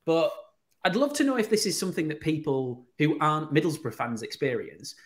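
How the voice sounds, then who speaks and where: A fairly quick, fairly high-pitched man from Teesside, England, spins stories in easygoing anecdotal talk. As a radio presenter and podcast guest, he tells them animatedly and voices the people he quotes.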